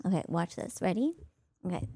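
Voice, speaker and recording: A woman's voice: on the low side, animated, a little fast, gravelly, mellow, breathy edge, no echo, clean studio sound. A woman in her thirties hosting a podcast, chatting casually, laughing often and acting out both sides of conversations. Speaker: podcast host. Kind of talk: casual chat.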